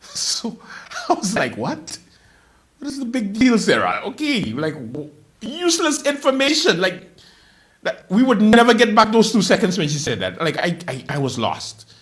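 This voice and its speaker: A man hosting a late night comedy show, delivering a joking monologue with loud outbursts, laughter and quiet asides. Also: unhurried. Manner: animated, laughing, swings between loud outbursts and low asides.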